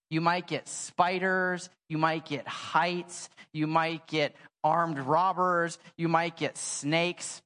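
A young adult man preaching a sermon in a church. He tells stories casually and with animation, using lots of "like," and his voice has a long church reverb. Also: a little high. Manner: casual, animated storytelling with many "like" fillers. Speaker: pastor. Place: church sanctuary.

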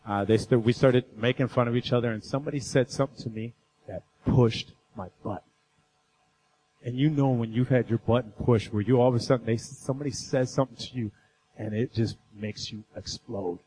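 A man's voice: mid-range voice, a little mellow, low-quality recording. A man giving an earnest sermon as a guest speaker, telling personal stories and building in intensity.

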